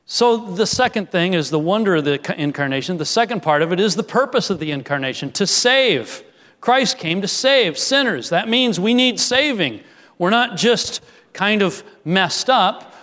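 High-voiced preacher in a reverberant hall. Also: male voice. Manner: earnest, rising to emphatic peaks then dropping soft. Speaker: pastor. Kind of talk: sermon.

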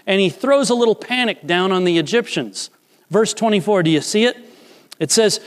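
Animated preacher in an echoing hall. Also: male voice, high voice, normal speed. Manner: animated, acts out voices of characters. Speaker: pastor. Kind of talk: sermon.

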